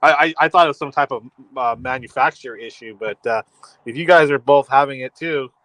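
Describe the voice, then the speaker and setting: A man's voice: mid-range voice, brisk, a bit bright, dry recording. Easygoing man saying "dude". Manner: laid-back storyteller, says "dude". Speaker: podcast panelist. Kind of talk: casual chat.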